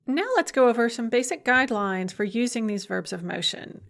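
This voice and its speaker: Woman lecturer, kinda high voice, clear and careful, slows way down when saying example words. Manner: clear, deliberate, slows down to model pronunciation. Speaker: language lecturer. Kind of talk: recorded lecture over slides.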